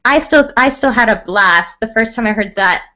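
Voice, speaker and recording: Excitable canadian-raised woman, high voice that swoops around, laughs a lot. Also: moderate pace. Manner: bubbly, excitable, laughs often. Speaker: podcast guest, writer. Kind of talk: casual chat.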